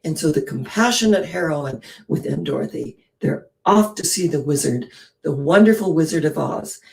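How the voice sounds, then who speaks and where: A woman giving a spiritual storytelling talk, animated, often posing questions to her listeners. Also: low-pitched, moderate pace, creaky. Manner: animated, poses rhetorical questions. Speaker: inspirational speaker.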